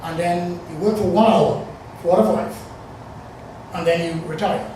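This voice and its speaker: A man in his forties from the Bahamas tells a personal story in a loose, conversational ramble. His voice sits high. He is captured from a distance in a very echoey room, with a faint hiss underneath. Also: steady tone, measured pace, dark tone. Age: 40s. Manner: rambling, conversational, with many fillers.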